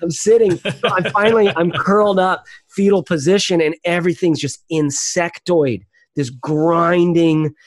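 A man's voice: a little high, fairly even intonation, a little slow, hardly any pauses, dry recording. Man guest, rambly storyteller, lots of fillers and laughs, dry close sound. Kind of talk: casual podcast chat.

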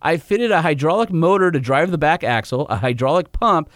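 A man's voice: fairly high pitch, expressive, a little fast, fairly bright tone, no room sound, clean studio sound. A middle-aged man co-hosting a podcast in casual chat, giggly and laughing between phrases. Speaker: podcast co-host.

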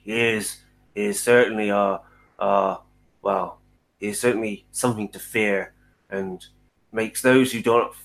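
A man's voice: fairly low pitch, gravelly, poor audio. A man voicing a grumpy, superstitious male traveller in a tabletop game, muttering gloomy warnings. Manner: grumbling, muttering, ominous warnings.

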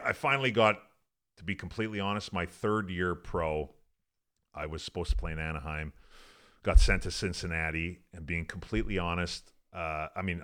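In a deep, fairly bright voice, this Albertan ex-pro hockey player rambles through a lengthy, profane tale during a casual interview. The words "like" and "I'm like" crop up constantly.

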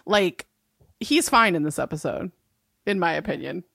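A woman co-hosting a podcast, chatting casually and playfully and often chiming in to agree. Her pitch is lively and rises and falls a lot. The sound is dry and close. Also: creaky, breathy edge, dry recording. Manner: enthusiastic, quick to agree, playful. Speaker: podcast co-host. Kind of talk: casual recap chat about a TV show.

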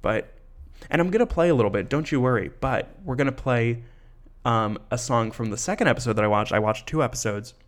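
A man hosting a podcast, chatting casually and laughing as he retells a story with animated asides. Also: medium pitch, fairly quick. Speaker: podcast host.

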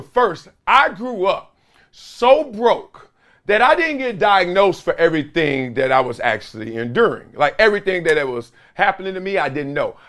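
A man's voice: a little high, fairly bright tone. A man in his forties hosting a solo sports talk show, telling stories with playful impressions and laughs. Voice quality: voice gets strained easily. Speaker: host. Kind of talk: animated solo sports commentary.

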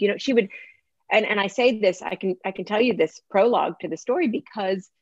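A woman's voice: mid-range voice, a little fast, no room sound, lo-fi sound. A woman author being interviewed, telling stories in a chatty, conversational way and laughing often. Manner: warm storytelling, laughs often. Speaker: author guest.

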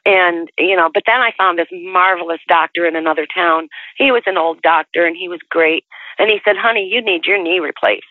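A woman's voice: fairly low pitch, steady tone, brisk, no echo. A woman in her sixties telling her life story in a chatty, rambling way, with frequent restarts, heard over the telephone. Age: 60s. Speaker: interviewee. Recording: tinny dry phone line.

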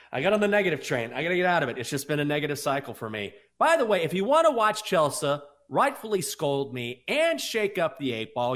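A man's voice: mid-range voice, a bit bright. A man co-hosting a sports betting podcast, talking in casual, self-deprecating banter.

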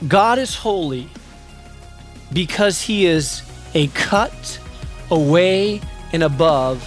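A man preaching a sermon as pastor, building dramatically and rising to shouts on repeated refrains. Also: a little high, animated, takes it slowly, soft background music.

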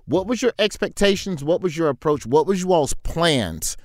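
A man hosting a talk interview, asking questions in a relaxed, slangy way. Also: on the high side, normal speed, no room sound, clean studio sound. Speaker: host. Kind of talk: casual interview chat.

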